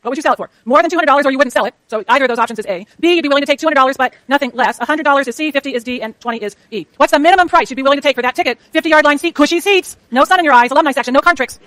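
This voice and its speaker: A woman lecturing a university economics class, rushing through clicker questions and talking to herself as she works her slides. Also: high voice, a bit bright, no room sound. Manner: rapid, chatty, self-talk while working slides. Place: lecture hall.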